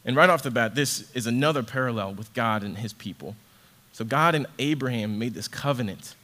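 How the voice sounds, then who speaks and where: A young adult man, a ministry associate director, preaches a sermon in an earnest, conversational way with casual fillers. His mid-range voice has lively intonation and a sharp tone, and he talks fairly quickly.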